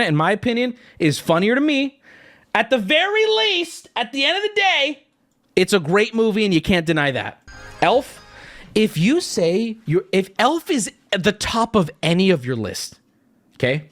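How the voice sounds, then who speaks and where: A man streaming live, ranting casually to his chat with animated swings between mock outrage and joking. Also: high voice, measured pace.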